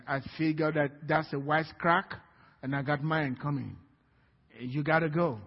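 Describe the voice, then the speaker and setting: Pastor, male, high husky voice, story-driven preaching, lo-fi recording with long hall reverb. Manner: storytelling with laughs, building to shouts. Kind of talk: sermon. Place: church hall.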